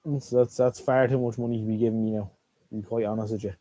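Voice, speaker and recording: A man's voice: lowish voice, fairly even intonation, fast talker, mellow, no room sound. A middle-aged Irish man hosting a live stream and chatting casually, rambling and repeating himself as he goes. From Ireland.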